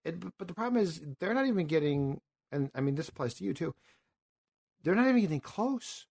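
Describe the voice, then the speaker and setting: A man's voice: on the high side, lively intonation, fairly quick, gravelly, a little mellow. A man in his fifties hosting a sports talk show, telling stories in an impassioned, rambling and emotional way. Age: 50s. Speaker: sports radio host.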